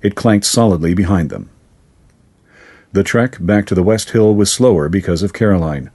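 A man narrating a fantasy story in a steady, even storytelling manner. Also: fairly low pitch.

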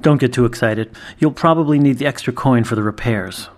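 A man voicing a young squire with a brisk, deadpan delivery. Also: medium pitch, natural voice. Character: young male squire, dry and sly.

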